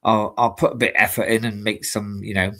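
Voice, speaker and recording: A man's voice: fairly low pitch, little pitch movement, fairly quick, fairly bright tone. A man from the UK hosting a live stream show, chatting casually and rambling with many fillers and restarts. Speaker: show host and amateur stage actor. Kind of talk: casual chat.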